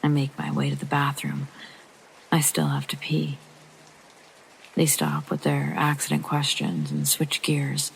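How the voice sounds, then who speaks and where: A deeply gravelly, fry-laden voice reads a true horror story for sleep, slow and hushed, sometimes sinking to a near-whisper. Its pitch sits in a middling range. Faint rain patters underneath. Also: slight background noise, low-quality recording. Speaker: narrator. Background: soft rain.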